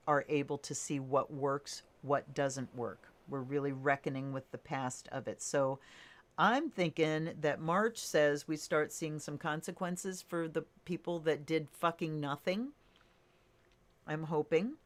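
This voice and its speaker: Casting note: low-voiced woman, slow and easygoing, casual tarot reader talking to camera. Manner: relaxed, thinking aloud with fillers and soft laughs.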